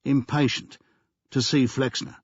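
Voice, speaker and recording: A man's voice: mid-range voice, steady tone, unhurried, breathy edge, no room sound, dull audio, pitched above the performer's own voice. A man voicing an impatient, battered male detective who gives curt, blunt replies.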